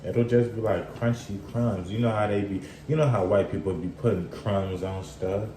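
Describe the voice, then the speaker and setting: A man trades jokes and teasing remarks in relaxed chat while eating. His voice sits fairly low. The sound is roomy and echoey, with a faint hiss underneath. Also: normal speed. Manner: joking, teasing banter. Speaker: mukbang co-host.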